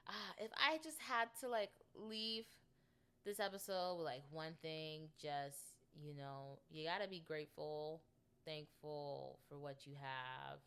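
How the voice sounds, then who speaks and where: Young woman, podcast host, low pitch, smooth tone, chatty, rambling. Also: fairly bright tone. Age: 20s. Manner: rambling and chatty, with many ums and laughs. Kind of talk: casual solo podcast chat.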